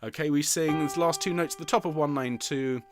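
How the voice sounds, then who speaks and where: A woman's voice: low-pitched, fairly quick. A woman leading an online choir rehearsal, patiently counting in and singing short phrases of the alto part to demonstrate. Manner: patient, encouraging coaching. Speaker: choir director. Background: piano accompaniment.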